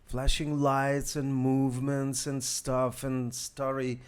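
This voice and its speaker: A man's voice: mid-range voice, completely flat delivery, slow pace, clear, resonant tone. A man hosting a casual live demo, hesitant, with many fillers and restarts while talking to viewers. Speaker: tech demo host.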